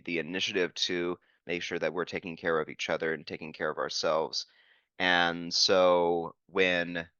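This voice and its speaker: A man's voice: deep voice, bright, forceful tone, smooth, dry recording, lo-fi sound. A man guesting on a podcast, talking in a casual interview in an earnest, playful way.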